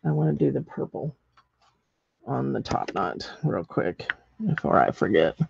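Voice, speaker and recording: Gravelly, husky woman teaching painting. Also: rumbling low, sing-song, unhurried, a little mellow, dry recording, dull audio. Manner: chatty, thinks aloud while working, many ums. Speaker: ceramics painting instructor. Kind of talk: live painting demonstration.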